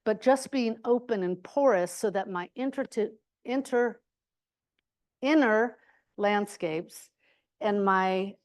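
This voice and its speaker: Woman, guest speaker, university forum talk, reflective storytelling, emphatic exclamations, mid-range pitch.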